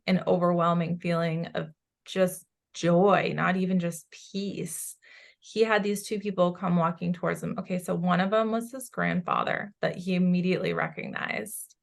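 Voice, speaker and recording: A woman psychic medium with a lowish, vocal-fry voice describes her visions loosely and ramblingly, full of fillers, in a channeling session held as a casual chat.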